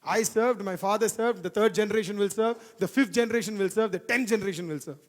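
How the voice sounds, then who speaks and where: A pastor's high, ringing male voice delivers a fervent sermon, driving points home by repeating them. The sound carries a long reverb from a large church hall. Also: fast. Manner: fervent preaching with repeated phrases.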